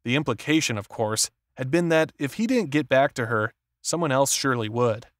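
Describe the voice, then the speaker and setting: Male narrator, measured thriller reading, medium pitch, dead-dry recording. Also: animated, fairly bright tone, no room sound. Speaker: audiobook narrator. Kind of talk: scripted narration.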